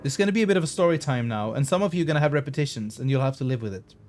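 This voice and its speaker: A man's voice: medium pitch, lively intonation, rapid-fire, darkish tone, soft background music. A young man streaming live, chatting casually and earnestly, rambling a little as he thanks viewers one by one.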